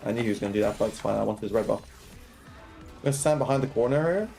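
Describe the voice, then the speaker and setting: Young man, game coaching stream, rapid talk, keeps asking "right?", faint music behind. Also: lowish voice, vocal fry, warm tone. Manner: quick, explanatory, keeps checking in with "right?" and "okay?"; laughs and banters with chat. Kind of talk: live gameplay commentary.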